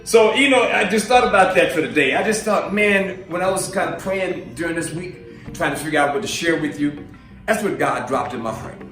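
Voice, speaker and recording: A man's voice: a little high, lively intonation, moderate pace, fairly bright tone, echoey room, distant mic, soft background music. A man and minister giving a casual, storytelling sermon, chatty and laughing as he acts out voices in his stories. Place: live stream from a roomy space.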